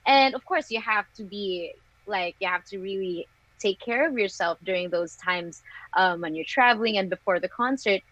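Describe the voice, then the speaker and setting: Young woman, singer, candid guest, laughs easily; flat dry call audio, muffled. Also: medium pitch, moderate pace, dry recording. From Philippines. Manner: candid, laughs often between thoughts. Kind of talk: casual interview chat.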